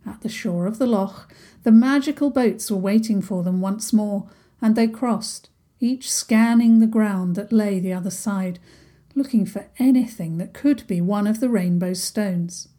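A woman narrating a children's story in a gentle, unhurried way. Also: mid-range voice.

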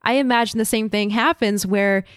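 A woman's voice: fairly high pitch, normal speed, clean tone, no echo, clean studio sound. A woman co-hosting a podcast, explaining lore and theories step by step in casual chat. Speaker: podcast co-host.

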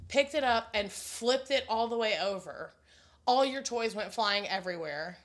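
A woman's voice: on the high side, animated, normal speed. A woman in her thirties, a mother co-hosting a podcast, telling family stories in a casual, blunt way, laughing often and swearing freely. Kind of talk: casual storytelling chat.

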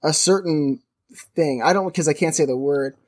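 A woman's voice: deep voice, normal speed, a little mellow. A woman on a podcast, chatting casually and joking through a guessing game. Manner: joking, rambling with fillers. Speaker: podcast co-host.

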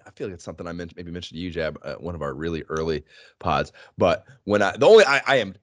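Male podcast co-host, deep, expressive delivery, dry sound. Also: fast, no echo. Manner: animated, laughing, swearing freely. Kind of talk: casual gaming chat.

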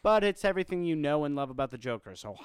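A man co-hosting a podcast, chatting casually and excitedly about a fighting game, swearing freely. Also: on the high side, rapid-fire, clean tone, no room sound. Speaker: podcast co-host. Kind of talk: casual gaming chat.

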